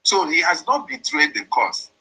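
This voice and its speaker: A man's voice: sits high, lively intonation, normal speed, pushed and bright, slightly rough, poor audio. A man, explaining and interpreting a played voice message in a repetitive, emphatic way. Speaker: commentator.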